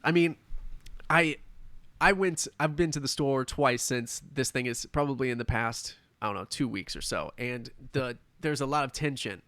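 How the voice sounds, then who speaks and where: A man's voice: medium pitch, moderate pace, sharp tone, dry recording. Earnest man talking, dry sound. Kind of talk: casual conversation.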